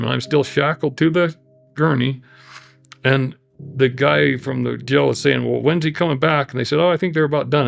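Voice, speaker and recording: A man telling his personal testimony in an earnest, halting way, often restarting his sentences. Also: mid-range voice, vocal fry. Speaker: guest telling his story.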